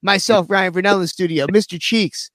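A young male radio host rattles on in loose, joking banter, often poking fun at himself. His voice sits a little high, and the studio sound is close and dry with no room echo. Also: fairly even intonation, normal speed, a bit bright. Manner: joking, rambling, self-deprecating.

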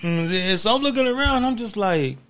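Laughing through his tales, this California man hosts a storytelling podcast full of slang and constant "you know what I'm saying." He sounds high-voiced and animated, speaking quickly with a fairly bright tone.

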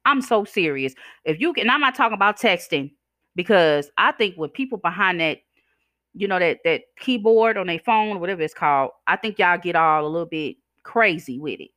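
Woman, podcast rant, blunt, preachy, forceful tone, dry sound, slight gum-chewing slur. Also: fairly low pitch, animated, a little fast, no room sound. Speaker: podcast host. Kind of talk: ranting monologue.

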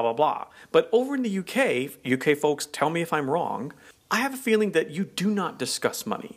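Guy chatting on a podcast, lively, pops into high quote voices. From United States. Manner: animated, jumps into high voices for quoted speech. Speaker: podcast co-host. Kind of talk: casual chat.

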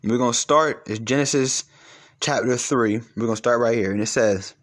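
A man giving a preachy monologue to his viewers, emphatic, swinging between loud and low. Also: normal speed.

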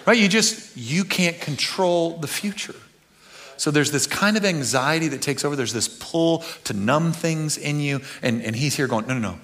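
A middle-aged man, preaching a conversational sermon that swings from quiet and earnest to loud, animated bursts. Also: a little high, normal speed. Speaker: pastor.

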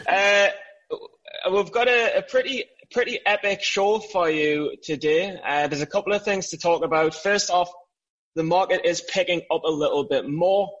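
A young man hosts a casual podcast with a lightly teasing, joking manner. His voice sits somewhat high for a man, and he talks loosely and informally. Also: moderate pace, muffled recording. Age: young adult. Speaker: podcast host. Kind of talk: casual chat.

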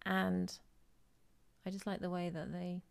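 A woman's voice: lowish voice, flat delivery, a little slow, gravelly, a little mellow, smooth. A woman chatting as a podcast guest, playful and teasing. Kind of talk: casual chat.

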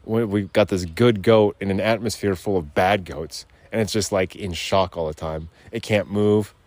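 A man's voice: deep voice, fairly even intonation, normal speed, darkish tone, no echo. A man hosting a podcast outdoors, rambling in loose, profane, digressive casual chat. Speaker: podcast host. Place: outdoors on a rural lot.

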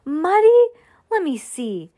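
A woman reading aloud and voicing an excitable, moody young girl who wails melodramatically. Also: normal speed, close to an everyday voice. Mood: dismayed. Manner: high, breathless, melodramatic wails.

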